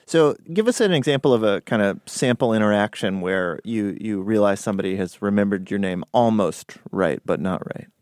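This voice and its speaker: A man's voice: on the low side, expressive, normal speed, hardly any pauses, darkish tone, no room sound, studio quality. A man co-hosting a podcast, conversationally leading a caller's question. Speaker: podcast co-host. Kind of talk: studio radio chat.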